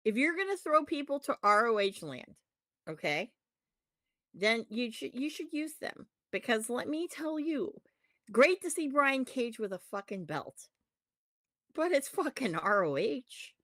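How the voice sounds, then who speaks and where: A woman with a fairly high voice rants in casual wrestling-podcast chat, swearing freely and getting worked up. The sound is dry and close, with no room echo. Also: measured pace. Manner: profane, ranting, animated. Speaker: podcast co-host.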